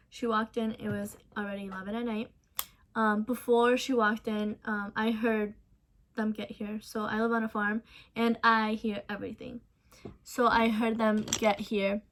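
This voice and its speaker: A young woman in a casual storytime vlog, recounting events softly with many ums and restarts. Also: on the high side. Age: young adult. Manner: casual, soft-spoken storytelling with many fillers. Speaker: vlogger.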